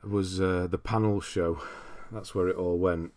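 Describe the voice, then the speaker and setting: A man's voice: low voice, steady tone, moderate pace, a little mellow. A man casually chatting on a livestream, thinking aloud and laughing as he reads through viewers' lists. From United Kingdom. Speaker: streamer.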